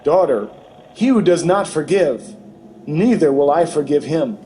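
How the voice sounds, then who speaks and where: A man voicing a grave, tender Jesus who speaks slowly and solemnly in a dramatized testimony reading. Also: fairly high pitch, expressive, a little hiss or hum. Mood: sorrowful. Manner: slow, solemn, gently pleading.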